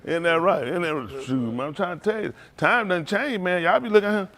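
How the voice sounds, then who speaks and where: A man's voice: sits high, fairly quick, fairly bright tone. A man giving a humorous sermon, joking, laughing often and calling out to the congregation. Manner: joking, laughing often, call-and-response with the audience; colloquial and rambling, with many restarts. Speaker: preacher addressing a congregation.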